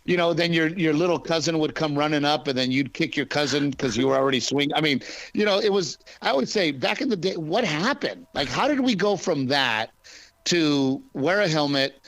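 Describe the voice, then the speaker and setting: A man's voice: a little high, expressive, a bit bright, no echo. Joking comedian man, dry close mic. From Texas. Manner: quick, joking, restarts often. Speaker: stand-up comedian, guest. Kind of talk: casual interview chat.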